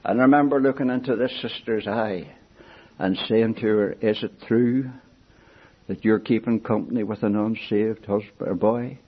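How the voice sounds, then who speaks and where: An older man preaching a sermon in an earnest, pleading way, swinging from soft asides to raised appeals. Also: steady tone, normal speed, slightly rough. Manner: earnest, pleading, rises and falls in pitch and loudness. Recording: dull lo-fi recording.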